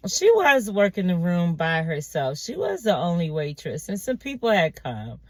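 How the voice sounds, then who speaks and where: Animated woman telling a storytime. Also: moderate pace, dry recording. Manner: animated, acts out quotes in higher voices, exasperated asides. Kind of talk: casual storytime monologue.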